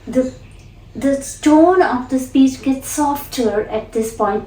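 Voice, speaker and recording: A woman English teacher explaining pronunciation deliberately, then repeating phrases to demonstrate. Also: high-pitched, darkish tone, echoey room, recorded from a distance, low-quality recording. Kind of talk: spoken lesson with demonstration.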